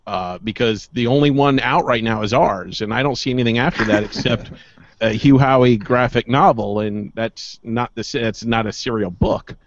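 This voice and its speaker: A man's voice: mid-range voice, dry recording, lo-fi sound. A man co-hosting a podcast, chatting casually with frequent fillers and restarts. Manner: halting, many fillers and restarts. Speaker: podcast co-host.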